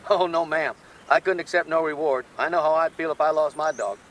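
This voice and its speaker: An actor playing a smooth-talking con man who puts on a folksy manner for phone scams. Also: fairly high pitch, fairly quick, fairly bright tone, a little hiss or hum, lightly acted. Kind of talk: TV crime drama acting.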